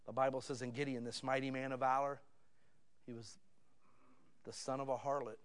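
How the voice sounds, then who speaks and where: A man in his fifties delivers a sermon in a loose, conversational way, calling his listeners "guys." His mid-range voice drops to near-whispers for asides and then climbs loud and excited as his stories build. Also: medium pitch, normal speed, pauses often. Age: 50s. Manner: storytelling, swings from hushed to loud and excited. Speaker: pastor.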